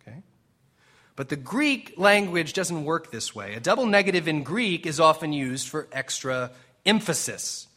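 A man preaching a sermon as pastor, animated and emphatic, slipping into dramatic quoted lines with pauses and now and then drifting off the mic. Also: a little high. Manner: jokes with the congregation.

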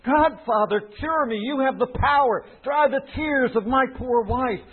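A man's voice: very high voice, a little slow, husky, voice pushed up, full character voice. A man voicing a dying old male mobster who begs in terror, his voice quavering. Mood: desperate pleading. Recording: tinny phone-like sound.

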